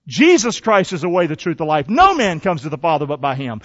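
High-voiced, fiery preaching pastor. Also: male voice, brisk, few pauses. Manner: energetic, call-and-response preaching with folksy asides. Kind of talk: sermon. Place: church. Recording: dull lo-fi church recording with long reverb.

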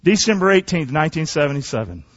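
A man's voice: on the high side, sing-song, fast talker. A male pastor preaching a sermon and telling his own testimony, emphatic and asking the congregation questions. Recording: dull sound in a reverberant hall.

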